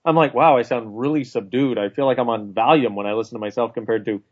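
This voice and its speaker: Man, radio co-host, casual joking chat, mid pitch, slightly dull broadcast audio. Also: quick pace. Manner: chatty, joking, laughs easily.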